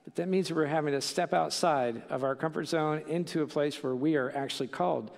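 A man's voice: mid-range voice, vocal fry, in a large hall. A middle-aged man preaching a sermon in a conversational way, full of fillers and "right?" asides. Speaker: pastor.

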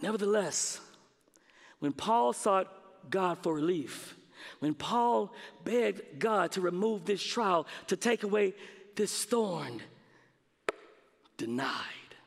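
A man preaching a sermon, with dramatic pauses and emphatic repetition. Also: high-pitched, vocal fry. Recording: long reverb of a large hall.

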